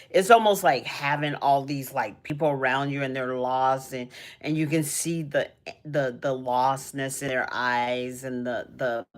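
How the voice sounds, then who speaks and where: A young woman hosting a casual livestream, talking about energy and purpose, emotional and rambling with many restarts. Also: rumbling low. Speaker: livestream host.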